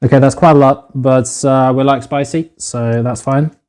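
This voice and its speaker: This is casual live-stream chatter from a man cooking in his home kitchen, filming on his phone, cursing freely and addressing viewers as "boys." He has a smooth, slightly mellow mid-range voice, fairly even intonation and a normal speaking speed.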